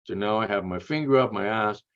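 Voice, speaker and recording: A man's voice: on the low side, brisk, highs cut off. Blunt man telling crude stories. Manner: blunt, crude humor, tags lines with "man" and "eh". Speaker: interview guest. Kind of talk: casual storytelling.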